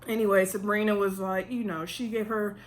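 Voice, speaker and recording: A woman's voice: medium pitch, flat delivery, brisk, slight background noise. A woman in a casual vlog, chatting with emphasis and talking straight to her viewers as she recaps a reality show.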